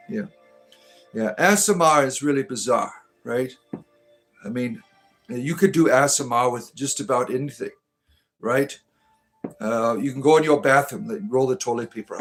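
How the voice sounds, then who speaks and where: A man hosting a livestream, reading chat aloud and answering with crude, sarcastic humor and preachy rants. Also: mid-range voice.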